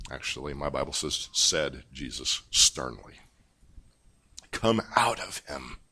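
A man preaching a sermon, teaching through a Bible passage in a measured, emphatic way. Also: extremely low pitch, sharp tone. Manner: measured, emphatic teaching delivery with pauses and restarts. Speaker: pastor. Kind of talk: expository sermon.

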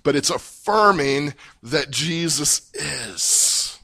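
A man preaching a sermon, teaching through a Bible passage in a measured, emphatic way. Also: on the high side, animated, vocal fry, sharp tone, breathy edge. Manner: measured, emphatic teaching delivery with pauses and restarts. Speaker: pastor. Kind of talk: expository sermon.

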